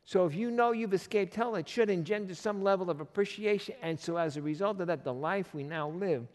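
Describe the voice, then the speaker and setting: A man pastor preaching a sermon in a lively, conversational way, firing off rhetorical questions at his congregation. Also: sits high, a little fast, big-room sound.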